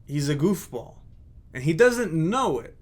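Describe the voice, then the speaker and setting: A male video creator revisits his old videos in casual, reflective commentary. He is candid and hard on himself, pausing often, with a fairly high, sing-song voice.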